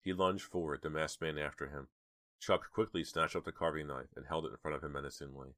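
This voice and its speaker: A man narrating a horror audiobook in a steady, measured storytelling manner. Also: a bass voice, no room sound, clean studio sound.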